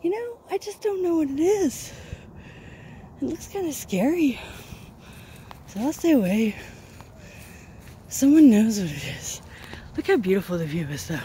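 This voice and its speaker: A breathless woman films herself climbing a hill outdoors, chatting and laughing at herself along the way. Her voice is mellow, with a pitch that rises and falls a great deal. She speaks slowly, with a faint hiss of background noise. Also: big pitch swings. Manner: chatty, self-mocking, talks to camera while hiking uphill. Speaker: vlogger. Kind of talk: casual walking vlog.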